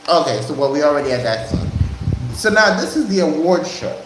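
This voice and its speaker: A man's voice: on the high side, big pitch swings, brisk. Man recapping in a very echoey room. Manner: rambling plot retelling with restarts. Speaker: show recap host. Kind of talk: casual TV recap chat. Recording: very echoey room, faint noise.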